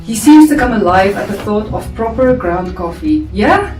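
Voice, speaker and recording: A woman reading her own story draft aloud to a family member, chatty and quick to laugh. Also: medium pitch. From South Africa. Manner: lively, laughing, chatty asides. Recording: echoey room, far from mic, faint music.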